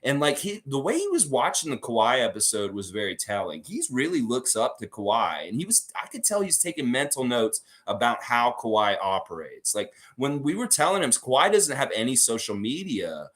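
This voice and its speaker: Animated excitable man, fan podcast host. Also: mid-range voice, normal speed, hardly any pauses. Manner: excitable rambling storyteller. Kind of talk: casual fan commentary.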